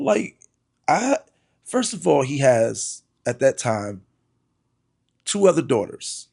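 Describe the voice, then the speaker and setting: A man's voice: fairly high pitch, very animated, slow pace, gravelly, long pauses, a little mellow, husky. A middle-aged man, a pastor, earnestly telling a personal testimony, often repeating words and calling listeners "y'all".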